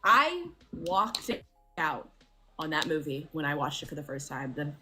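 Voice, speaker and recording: A woman chatting on a livestream, animated and nerdy, swearing as she rants. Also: low-pitched, measured pace, soft background music. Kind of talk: casual livestream chat.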